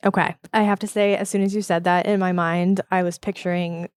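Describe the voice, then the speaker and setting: A woman's voice: lowish voice, level tone, fairly quick, clear, resonant tone, no room sound. Easygoing woman co-host, dry close mic. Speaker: podcast co-host. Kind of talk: casual podcast chat.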